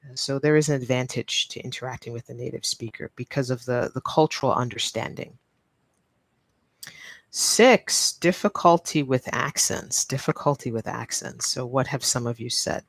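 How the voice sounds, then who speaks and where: A woman's voice: extremely low pitch, moderate pace, creaky, no echo. A woman English teacher from New York with a neutral accent, speaking patiently in a live-stream lesson and repeating key points. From New York, United States.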